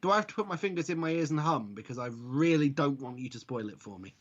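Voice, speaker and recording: A man's voice: a little high, lively intonation, quick pace. A man co-hosting a casual wrestling podcast, talking in a dry, wry way with rambling asides. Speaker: podcast co-host. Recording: dull lo-fi podcast audio.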